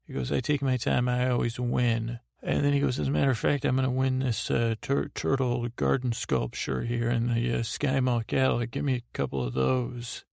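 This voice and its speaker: A man's voice: mid-range voice, flat delivery, normal speed, vocal fry, hardly any pauses, a little mellow, dry recording, clean studio sound. A man hosting a bedtime podcast, recapping a TV episode in a meandering way, with many restarts and quoted lines in his own voice. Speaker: podcast host. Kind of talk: rambling sleepy episode recap.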